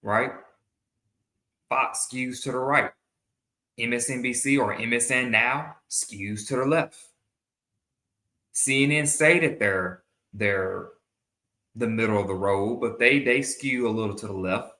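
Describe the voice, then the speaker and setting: A man's voice: medium pitch, takes it slowly, long pauses, sharp tone, echoey room. A man hosting his own show, giving earnest opinion commentary in a monologue and often repeating and restarting his phrases. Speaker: show host.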